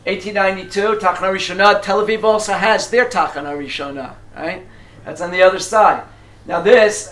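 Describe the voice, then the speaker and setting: A man's voice: sits high, bright, forceful tone, echoey room. A man leading a small group through history as a tour guide, chatty and full of questions to his listeners, with many fillers and restarts. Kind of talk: casual guided lecture.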